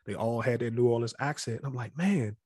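Speaking as an interview guest, a man who grew up around Capitol Heights near Washington, D.C., now past college age, recounts his story candidly and reflectively, frequently imitating others' voices. He talks briskly in a mid-range, darkish, slightly rough voice, recorded with studio quality and no room sound.

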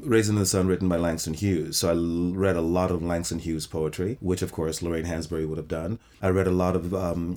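Deep-voiced thoughtful male director. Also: a little mellow. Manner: thoughtful, reflective, restarts often. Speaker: theater director. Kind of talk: interview conversation.

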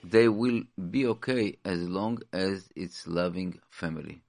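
Halting, gravelly male radio co-host. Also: low voice, darkish tone, no echo, clean studio sound. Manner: halting, many restarts and fillers. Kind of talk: call-in radio advice talk.

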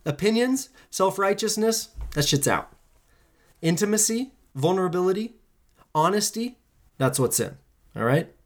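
A solo podcast host in full impassioned flow, preaching to listeners with emphatic repetition and casual swearing. The pitch leaps up and drops low from line to line, and the pace keeps changing. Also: expressive, unhurried, pauses often. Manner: pitch and pace swing widely between lines.

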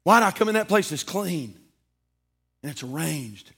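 Man preaching, husky and a bit high-voiced, goes from shouts down to whispers. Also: lively intonation, moderate pace. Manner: dramatic storytelling, swinging from shouts to whispers. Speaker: pastor. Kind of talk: sermon.

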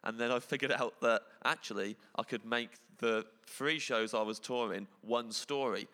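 Bright-voiced man telling stage stories. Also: medium pitch, normal speed, long reverb tail. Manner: animated storyteller, laughing mid-sentence, many restarts. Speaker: comedian guest. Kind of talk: casual chat, telling stand-up anecdotes.

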